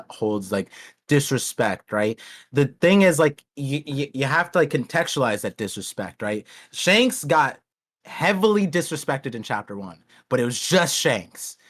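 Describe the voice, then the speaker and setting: A man's voice: mid-range voice, fairly bright tone. A man hosting a podcast in casual chat, rambling with many restarts and acting out characters. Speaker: podcast host.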